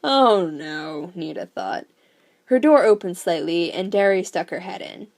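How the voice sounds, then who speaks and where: A woman reading a novel aloud, breaking off into excited, swearing asides. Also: lowish voice, moderate pace. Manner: excited, profane, rambling outbursts in commentary. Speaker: reader.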